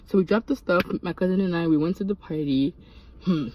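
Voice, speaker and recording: Animated young woman telling a story. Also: brisk, no echo, lo-fi sound. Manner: animated, jumps into high-pitched quoted voices. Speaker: vlogger. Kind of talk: casual storytime.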